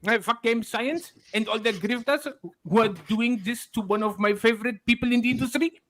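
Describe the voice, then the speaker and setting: A man's voice: very high-pitched, a little fast, a bit bright. A man doing a whiny, furious online ranter. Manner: indignant ranting, overdone outrage.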